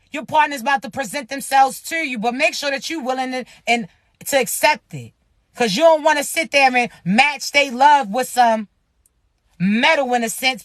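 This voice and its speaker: A high-pitched, bright-toned voice cuts through with blunt, profane spiritual love advice, driving each point home with repeated check-ins to the listener. The sound is dry and close, with no room echo. The talk is casual, motivational and unfiltered. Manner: blunt, profane, emphatic, keeps asking "you understand me?".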